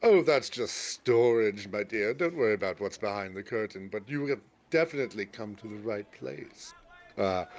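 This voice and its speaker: A man's voice: lowish voice, lightly acted. A man voicing a flamboyant, rotund male magic shopkeeper in a fantasy game, with showy salesman patter.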